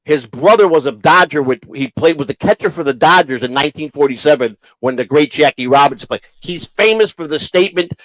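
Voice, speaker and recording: A man hosting a casual talk show, telling long rambling stories with halting restarts. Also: a little high, expressive, a bit bright, dry recording, low-quality recording. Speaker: show host. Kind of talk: casual storytelling chat.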